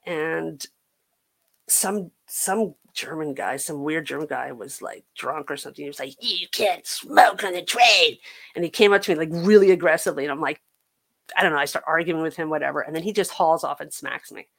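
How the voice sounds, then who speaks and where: An American woman, a podcast guest, telling a personal recovery story in an earnest, halting way, with frequent restarts. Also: sits low, creaky.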